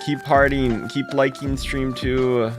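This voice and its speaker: A young man streaming live, greeting his chat and thanking viewers for gifts, with his voice jumping high when he gets excited. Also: takes it slowly. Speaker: livestreamer. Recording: music playing behind.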